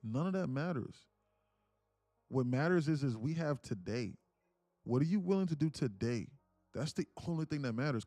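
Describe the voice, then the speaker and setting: A man's voice: fairly high pitch, mellow, no echo. A young man hosting a live trading stream, talking earnestly and repetitively, calling listeners "man" and "bro" and reading chat messages aloud. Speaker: livestream trading host. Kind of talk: casual motivational livestream talk.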